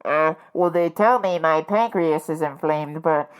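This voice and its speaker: A woman voicing a whiny female caller with a deep, heavy voice like a movie villain. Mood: whiny pleading. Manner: slow, pleading, deep and breathy.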